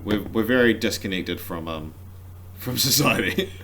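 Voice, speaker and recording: A man hosts a podcast in a fairly low voice. He asks his questions haltingly, often stopping and restarting. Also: animated, a bit bright, slight background noise. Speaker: podcast host. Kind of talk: casual chat.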